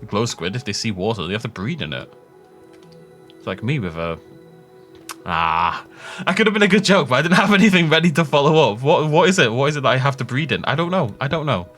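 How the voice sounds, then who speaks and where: A man chatting through his gameplay in a loose, wandering way, with a voice that climbs and dips all over the place. He laughs at his own half-finished jokes. Soft game music plays quietly in the background. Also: medium pitch, animated, brisk. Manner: rambling and jokey, laughs at his own tangents. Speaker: gaming YouTuber. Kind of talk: casual let's-play commentary.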